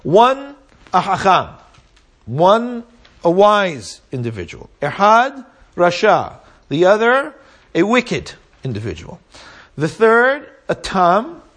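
Guy with a high voice teaching a torah class, reads hebrew then explains it, keeps saying right? yeah?. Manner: explains step by step, often asks "right?" and "yeah?"; reads Hebrew verses aloud and translates them.

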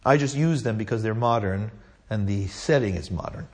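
A man's voice: on the low side, normal speed, darkish tone, breathy edge. A man teaching a Talmud class, retelling a story with Hebrew and Aramaic terms and often checking in with "right?". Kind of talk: lively Torah class storytelling.

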